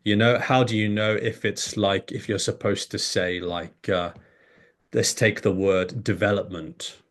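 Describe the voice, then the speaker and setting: Man explaining language learning with animated examples. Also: on the low side, a little slow. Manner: animated, demonstrates pronunciation examples. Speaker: English teacher, guest. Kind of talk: explanatory conversation.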